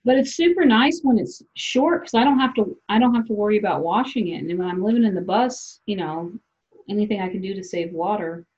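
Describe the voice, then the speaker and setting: A woman's voice: mid-range voice, animated, fairly quick, darkish tone, highs cut off. A woman from South Dakota hosting a podcast, chatting loosely and laughing as she acts out what people say. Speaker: podcast host. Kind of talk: casual chat.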